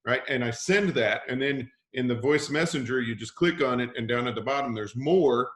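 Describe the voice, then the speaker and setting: A man with a middle-pitched voice hosts a team call and rambles casually. He restarts often and leans on "you know". The sound has a roomy echo. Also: normal speed, fairly bright tone. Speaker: team leader hosting the call. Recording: echoey room sound.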